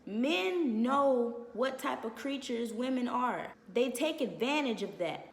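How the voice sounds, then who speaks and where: A woman's voice: fairly high pitch, expressive, slow pace, vocal fry, few pauses. A woman giving blunt, sassy life advice in a casual talk, laughing now and then, recorded in an echoey room. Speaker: advice vlogger. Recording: echoey room with long reverb.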